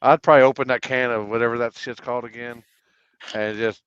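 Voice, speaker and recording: Brief: male co-host, casual chat, profane animated storyteller, mid pitch, slightly dull recording. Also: fast, clean tone. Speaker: podcast co-host.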